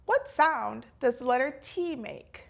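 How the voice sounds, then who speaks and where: High, cheerful woman teaching kids phonics. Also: animated. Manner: cheerful, slow and clearly enunciated for kids. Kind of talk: children's phonics lesson.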